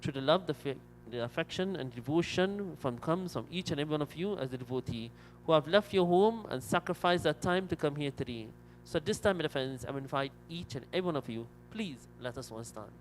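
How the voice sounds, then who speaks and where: A man's voice: on the high side, lively intonation, brisk, a little hiss or hum, poor audio. A man officiating at a Hindu funeral and preaching a sermon, with a storytelling manner and repeated "my dear friends".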